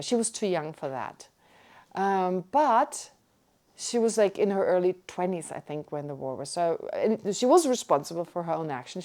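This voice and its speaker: A middle-aged woman from Germany, giving a Buddhist teaching and telling a personal story in an animated way with frequent restarts. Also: medium pitch. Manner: animated, restarts often, acts out her own shock.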